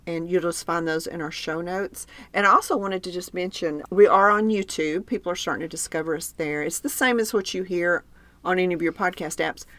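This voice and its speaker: A woman with a Southern US accent hosting a podcast, talking in a quick, chatty way and laughing easily. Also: on the low side, fairly bright tone, dry recording. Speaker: podcast host. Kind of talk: casual chat.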